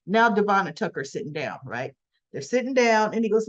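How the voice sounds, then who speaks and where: A woman's voice: medium pitch, big pitch swings, a little fast. A woman casually retelling a soap episode in a chatty way with frequent asides, in a dull lo-fi recording. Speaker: soap opera recap vlogger.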